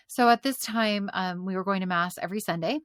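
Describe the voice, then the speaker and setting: A woman telling a personal faith story as a podcast guest, animated and laughing often between lines. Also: mid-range voice, fairly quick, dry recording. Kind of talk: casual faith testimony.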